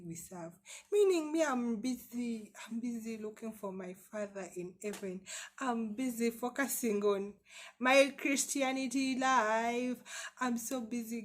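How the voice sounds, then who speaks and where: Emphatic woman vlogger with rhetorical questions. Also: fairly high pitch. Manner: emphatic, repeats words, asks rhetorical questions. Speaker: vlogger sharing a personal story. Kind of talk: candid personal testimony to camera.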